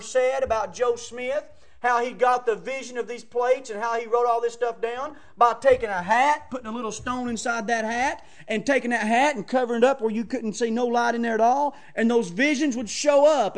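A man preaching a fiery sermon, swinging from shouts to hushed tones in folksy phrasing. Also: extremely high pitch. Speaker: pastor.

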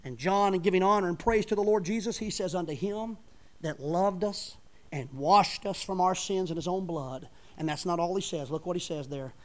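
Man, preacher, high voice, fervent sermon delivery, loud emphatic peaks. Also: moderate pace.

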